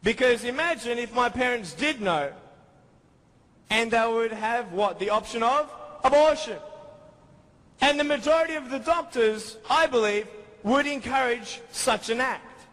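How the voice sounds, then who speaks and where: A man's voice: very high voice, expressive, a little slow, a bit bright. A man in his twenties giving an earnest testimony as a motivational speaker. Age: 20s. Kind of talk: testimony speech. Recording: hall with long reverb.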